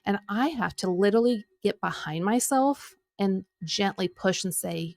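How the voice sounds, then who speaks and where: Animated woman telling a personal story. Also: mid-range voice, normal speed, gravelly, few pauses. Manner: animated, acts out quoted speech, filler-heavy. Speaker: podcast host and Enneagram coach. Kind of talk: coaching conversation, personal storytelling.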